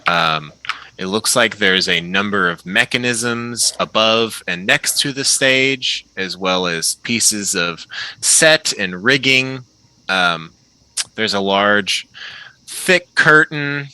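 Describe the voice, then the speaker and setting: A man narrating as game master of a tabletop game, relaxed and descriptive with frequent fillers. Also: fairly low pitch, slow pace, clean tone, no room sound, rough recording.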